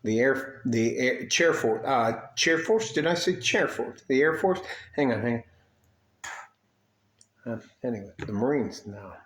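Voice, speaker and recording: A man's voice: medium pitch, animated, measured pace, long pauses. Profane rambling older man, echoey room. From Detroit, USA. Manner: profane, digressive, with frequent asides and throat clearing. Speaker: army veteran storyteller. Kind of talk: rambling casual storytelling.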